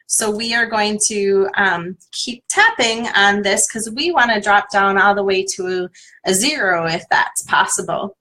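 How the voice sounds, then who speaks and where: A woman's voice: mid-range voice, measured pace, sharp tone. A woman leading a live tapping session as a coach, giving encouraging, step-by-step instructions to viewers. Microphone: livestream webcam.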